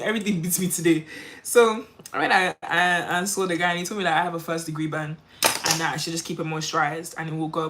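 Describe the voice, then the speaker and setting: A woman's voice: on the low side, a bit bright, a little hiss or hum. A woman, chatting animatedly while doing her makeup on a livestream, full of quoted voices and laughter. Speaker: beauty livestream host.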